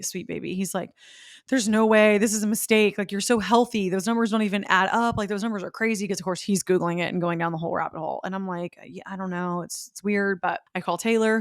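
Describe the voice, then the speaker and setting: A woman's voice: mid-range voice, no room sound, studio quality. A young woman hosting a podcast, telling a personal story in an earnest, emotional way. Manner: emotional, earnest, quotes others in her own voice. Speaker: podcast host. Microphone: podcast microphone.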